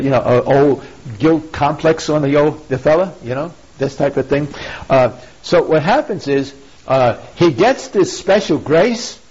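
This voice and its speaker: A man's voice: fairly high pitch, darkish tone, husky. A man preaching a sermon, retelling an old story and acting out its lines, often asking "you see?". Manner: storytelling, acts out quotes, rhetorical "you see?". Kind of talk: sermon retelling a classic epic. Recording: dull lo-fi recording.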